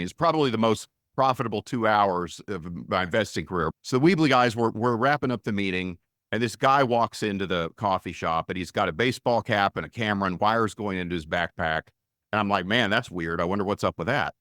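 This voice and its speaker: A middle-aged man, a venture investor and author, explaining his ideas in an energetic, conversational interview. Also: on the low side, no room sound, clean studio sound. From United States. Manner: energetic, conversational, frequent restarts.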